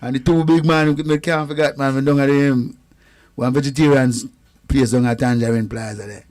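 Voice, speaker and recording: A man with a Jamaican accent, a guest singer telling lively anecdotes in patois and acting out the people he quotes. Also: mid-range voice, moderate pace. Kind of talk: anecdotal storytelling chat.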